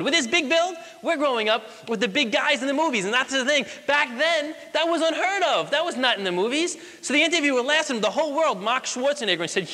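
A man's voice: very high voice, lively intonation, quick pace, few pauses, sharp tone. A man in his late twenties giving an emphatic motivational speech to an audience in a large hall, asking rhetorical questions. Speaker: motivational speaker. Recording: long hall reverb.

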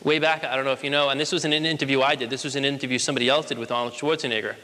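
The speaker, a motivational speaker in his late twenties, talks rapid-fire in a mid-range voice that's pushed and bright, with fairly even intonation. He delivers an emphatic speech full of rhetorical questions to a large-hall audience, heard through long reverb.

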